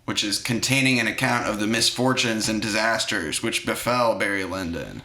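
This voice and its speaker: Man, podcast co-host, casual slangy film chat, bright voice, echoey room. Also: on the low side, normal speed. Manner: animated, slangy, acts out movie lines.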